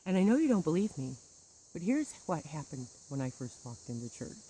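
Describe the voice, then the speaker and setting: A woman's voice: low voice, big pitch swings, normal speed, dark tone, husky, poor audio. A woman telling a personal grievance story in a bitter, sarcastic monologue with wry laughs. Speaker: churchgoer recounting grievances.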